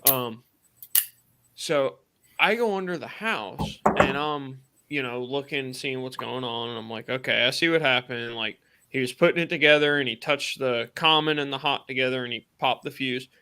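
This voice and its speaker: A laid-back man telling a trade story on a live stream, his voice bright and forward. He swears freely and slips into other people's voices as he tells it. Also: mid-range voice, moderate pace, a little hiss or hum. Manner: laid-back, profane, acts out quotes. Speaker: co-host and tradesman.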